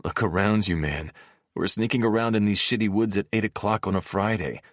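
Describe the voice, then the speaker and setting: A man's voice: fairly low pitch, a little fast, no echo, studio quality, natural voice. A man voicing a brash, hot-headed young mob brother with a crude, scoffing way of talking, in an audiobook. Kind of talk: audiobook character voice.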